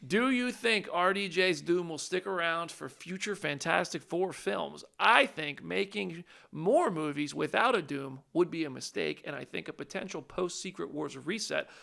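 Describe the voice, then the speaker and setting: A man co-hosts a casual podcast chat and tells stories with a dry, sarcastic edge. His voice is bright and forceful, with a gravelly rasp underneath, and sits a little above the usual male pitch. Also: lively intonation, normal speed, hardly any pauses. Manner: wry, sarcastic storyteller. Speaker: podcast co-host.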